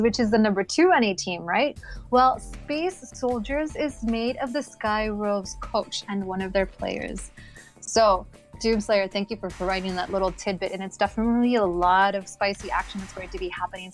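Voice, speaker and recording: Upbeat woman casting esports. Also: mid-range voice. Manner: chatty, laughs often, upbeat. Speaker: esports caster. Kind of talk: esports tournament commentary.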